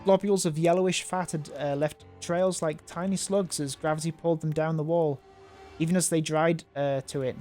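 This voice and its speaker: A man's voice: on the high side, fairly even intonation, moderate pace, mellow, faint music behind. A man reading a visual novel aloud, adding offhand, mocking comments and stumbling over words. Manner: casual, mocking asides and stumbles while reading. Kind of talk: reading aloud with casual asides.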